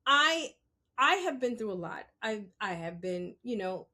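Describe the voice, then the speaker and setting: Her mid-range voice is sharp and sing-song, and she takes her time as she talks unscripted to her podcast audience. She's emphatic, crude and straight to the point, addressing listeners directly and often asking "You understand?"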